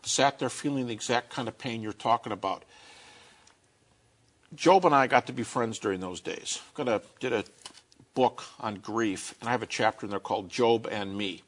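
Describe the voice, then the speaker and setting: A man giving an earnest, conversational talk about grief and faith, slowing down to stress key points. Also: mid-range voice. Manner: earnest storytelling, slowing down for emphasis.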